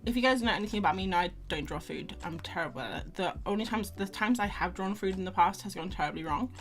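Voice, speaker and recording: Drawing on a casual livestream, a young woman chats and rambles to her viewers, greeting them by name in an animated, fast, medium-pitched voice.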